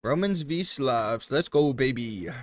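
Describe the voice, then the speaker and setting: A man casting a strategy game tournament live on stream, chatty and joking with quick asides. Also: mid-range voice, lively intonation, dry recording.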